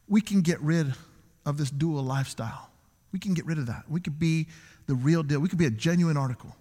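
Animated high-voiced preaching man. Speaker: pastor. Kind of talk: sermon. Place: church sanctuary. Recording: long church hall reverb.

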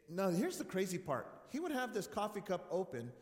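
A man preaching a storytelling sermon, acting out conversations and swinging between loud bursts and quiet asides. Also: high voice, brisk, hardly any pauses. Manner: animated, acts out dialogue, swings loud and soft. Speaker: pastor. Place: church hall. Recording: echoey room with long reverb.

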